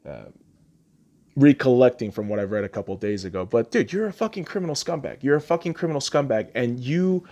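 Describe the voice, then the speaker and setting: A podcast host on an angry, profane rant, swinging between shouting and low muttering. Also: male voice, brisk.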